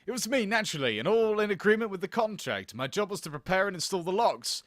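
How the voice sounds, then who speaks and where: A man's voice: high voice, big pitch swings, fast talker, fairly bright tone, dry recording, studio quality. A man voicing a proud, stubborn old master locksmith who grumbles about never getting paid, in a video game. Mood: defensive grumbling.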